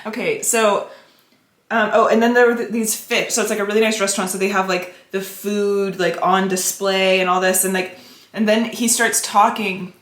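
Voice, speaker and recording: A woman's voice: mid-range voice, normal speed. A woman casually telling a story on a podcast, acting out what people said and swearing often. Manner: animated storyteller acting out quotes, frequent swearing. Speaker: podcast co-host. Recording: echoey room, faint noise.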